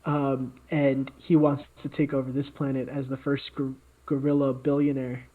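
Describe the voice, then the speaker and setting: A podcast co-host rambles through a fabricated story in relaxed conversation, stumbling into fillers and restarts. His mid-range voice shows little pitch movement, and his pace is moderate. The sound is tinny and phone-like.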